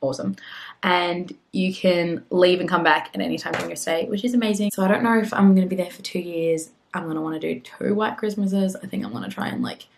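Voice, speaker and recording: A woman's voice: lowish voice, poor audio. Chatty young Australian woman vlogging. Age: young adult. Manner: chatty and self-mocking, easily sidetracked, mutters asides. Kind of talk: casual vlog, reading a visa website aloud.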